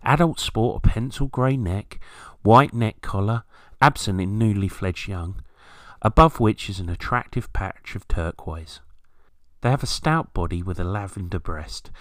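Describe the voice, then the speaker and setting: A man's voice: fairly low pitch, no room sound. A man from Britain hosting a scripted garden-bird podcast, with a wry, storytelling manner and playful asides. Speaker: podcast host. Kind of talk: scripted nature podcast narration.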